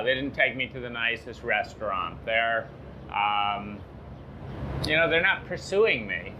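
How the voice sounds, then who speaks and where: A man giving a motivational self-help talk, pausing often with fillers and firing off rhetorical questions. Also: mid-range voice, bright, forceful tone, lo-fi sound, a little hiss or hum. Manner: slow, halting with frequent fillers.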